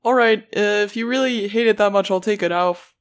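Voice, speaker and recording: A tabletop player talks in character with a mid-range voice. They stumble and apologize, halting often before getting the words out. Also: medium pitch.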